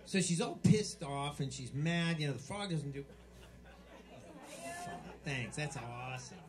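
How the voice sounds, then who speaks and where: A man's voice: a little high, animated, unhurried, over music. A man telling crude jokes on stage at a bar, rambling, restarting and bickering with the crowd. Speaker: stand-up comic at a bar show. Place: bar with live band setup.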